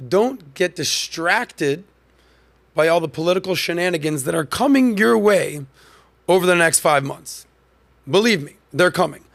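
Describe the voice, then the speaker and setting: A man hosts a podcast and delivers a commentary monologue in a punchy, emphatic, conversational way. His speaking voice sits a little high. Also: lively intonation, unhurried, gravelly, a bit bright. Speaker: podcast host.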